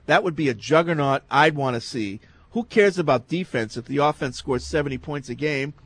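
A man co-hosts a casual sports talk show, reading listener emails aloud. His voice sits a little high. He lays out his opinions in a calm, measured way.

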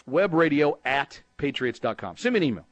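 A man's voice: a little high, sing-song, a little fast, dry recording, lo-fi sound. A middle-aged man from Texas hosting a sports talk call-in show, speaking in a rambling, conversational way with frequent restarts and fillers. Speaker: sports radio host.

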